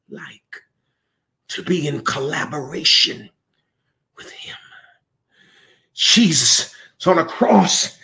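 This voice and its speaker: A male pastor preaching a sermon with impassioned fervor, his voice breaking into cries and shouts. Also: a little high, lively intonation, takes it slowly, gravelly, pauses often. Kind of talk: Pentecostal-style preaching.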